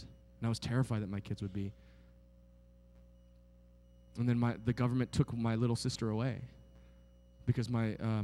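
A man in his forties preaching a sermon, telling stories with swings from hushed to near-shouting, often asking the crowd "right?". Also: on the low side, long reverb tail. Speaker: pastor.

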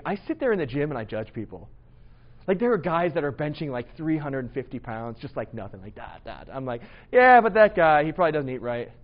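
A man's voice: on the high side, highs cut off. Casual self-mocking man preaching. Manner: casual, self-deprecating, conversational. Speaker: pastor. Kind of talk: sermon. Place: church hall.

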